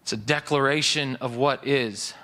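A man's voice: medium pitch, normal speed, sharp tone. A male pastor giving a sermon in a church, explaining scripture in a conversational teaching manner with casual asides.

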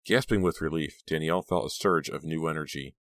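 A man narrating a horror audiobook in a steady, measured way. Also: a bass voice, no echo.

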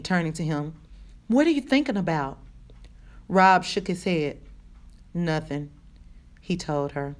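A woman reading a children's novel aloud in measured narration. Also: fairly low pitch. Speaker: audiobook reader.

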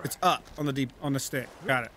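A man giving gaming commentary, talking himself through moves and yelling and swearing at the game. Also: mid-range voice, fairly even intonation, fast talker, slight background noise. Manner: swears a lot and yells at the game. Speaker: let's play gamer.

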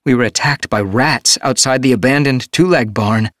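Brisk, reassuring she-cat warrior, pitched high, as a male narrator puts her on; dry booth sound. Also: fairly bright tone, no room sound, close to an everyday voice. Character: female cat warrior, calm, capable healer. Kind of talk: audiobook character voice.

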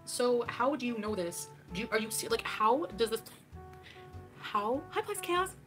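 A woman's voice: fairly high pitch, a little slow, soft background music. A woman in her thirties on a casual livestream, defensive and argumentative as she reacts to clips.

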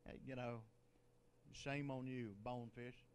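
A man's voice: medium pitch, little pitch movement, a little slow, slight background noise. An older man, a bishop, preaching a sermon in a conversational way, with joking asides and laughter.

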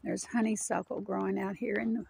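Gravelly woman, out of breath. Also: mid-range voice, little pitch movement, fairly quick, darkish tone, a little hiss or hum. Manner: chatty, rambling, talks sweetly to her dog. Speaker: vlogger walking her dog. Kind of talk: casual walking narration. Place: outdoor wooded park trail.

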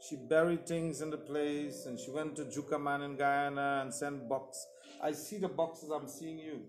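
A man giving a sermon testimony and telling stories in a lively way, acting out the voices of other people. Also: fairly high pitch, moderate pace, echoey room, faint music behind. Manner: storytelling, acts out the voices of others in dialogue. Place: church service.

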